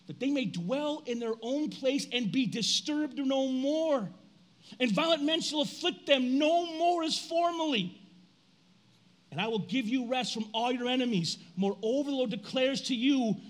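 A man in his forties preaching a sermon in a casual, animated way, reading scripture and breaking into loud outbursts. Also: very high voice. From United States. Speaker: pastor.

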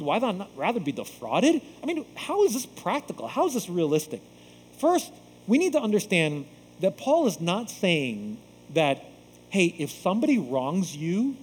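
Animated male pastor preaching in a hall. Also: high voice, slight background noise. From United States. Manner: animated, acts out quoted voices. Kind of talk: sermon.

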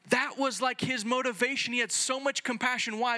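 A man preaching a sermon in an excitable, conversational way, full of fillers and restarts, sometimes acting out little dialogues. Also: very high voice, brisk, hardly any pauses. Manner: acts out little dialogues between Jesus and the Father.

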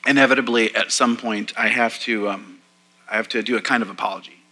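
A man's voice: lowish voice, fairly even intonation, fairly quick, pushed and bright, low-quality recording. A man in his forties, a pastor preaching a sermon in church, telling a personal story in a chatty, self-deprecating way with plenty of fillers. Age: 40s. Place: church sanctuary.

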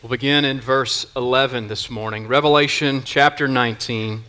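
A man's voice: mid-range voice, steady tone, normal speed, pushed and bright, clean tone. A man, a pastor preaching a sermon in a church in an earnest, conversational way. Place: church sanctuary.

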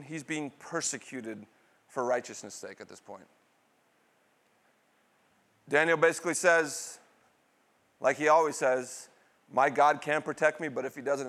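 A middle-aged male pastor preaching with a slightly high voice. He throws questions out to the congregation and answers them himself. He swings from loud, excited bursts down to low, hushed asides. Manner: call-and-response questions, dramatic swings in pitch and loudness. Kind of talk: sermon.

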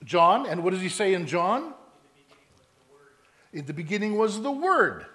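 A man with a notably high-pitched voice delivers a sermon in an animated, storytelling way. He slips into both sides of everyday conversations to make his point, then settles back into teaching. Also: unhurried. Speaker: preacher.

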